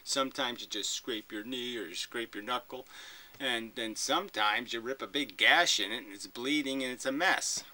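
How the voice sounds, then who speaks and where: A man talks back at a recorded clip in a blunt, argumentative way, swearing freely and hammering his points home. His voice is very bright and edged, sharp at the top. It sounds like a home recording. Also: mid-range voice, moderate pace, poor audio. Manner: profane, emphatic and argumentative. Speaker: video commentator. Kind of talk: reaction commentary.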